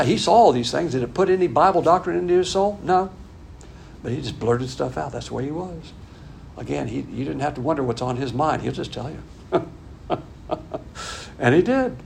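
A man's voice: on the high side, gravelly, a little mellow, slight background noise. An older man preaching a conversational sermon, folksy and emphatic, repeating his points. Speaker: pastor.

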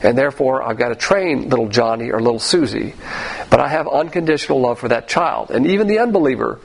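A man's voice: mid-range voice, expressive, quick pace, vocal fry, poor audio. A middle-aged man teaching a sermon on a Bible passage, explaining in an emphatic, lecturing way with frequent asides.

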